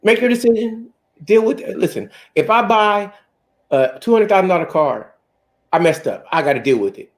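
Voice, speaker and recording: A man hosting a casual chat, telling jokey, animated stories. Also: sits high, moderate pace. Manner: animated, joking storyteller. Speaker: host.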